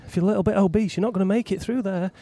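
A man hosting a podcast, chatting casually and giving excited, breathless commentary while climbing through gardens outdoors. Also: high voice, very fast, no echo. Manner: excitable, chatty, swears freely. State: out of breath at times. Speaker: podcast host. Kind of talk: casual chat and roving live commentary. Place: outdoors among gardens beside a road race.

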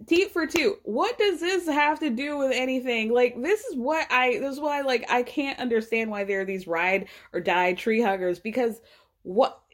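A young adult woman hosting a podcast, recapping a reality show in casual, animated chat, swearing freely and mimicking the people she talks about. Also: fairly high pitch. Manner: animated, swears freely, mimics cast members in quick asides.

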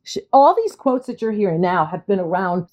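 A woman in her fifties, a guest in casual chat, brassy and playful and quick to laugh. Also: mid-range voice, very animated, darkish tone.

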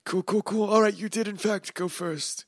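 A man's voice: sits high, fairly even intonation, moderate pace, no echo, studio quality. A man running a tabletop game as game master, talking through the rules in a laid-back, chatty way. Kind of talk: narrating a tabletop game in character.

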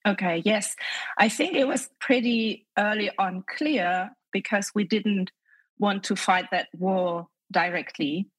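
Husky-voiced German woman explaining. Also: medium pitch, no room sound, rough recording. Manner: measured, structured explaining. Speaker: guest economist. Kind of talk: explanatory interview answers.

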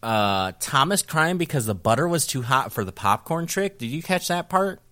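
A man's voice: mid-range voice, very animated, normal speed, pushed and bright. A man co-hosting an anime podcast, recapping episodes with crude jokes and frequent laughs. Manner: crude joking, laughs often. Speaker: podcast co-host. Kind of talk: casual anime recap chat.

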